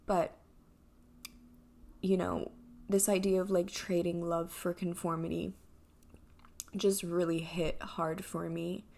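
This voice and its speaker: A woman in her twenties talking in a reflective personal vlog, soft-spoken and halting with many fillers, emotional and near tears. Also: fairly low pitch, level tone, creaky. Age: 20s. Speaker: vlogger.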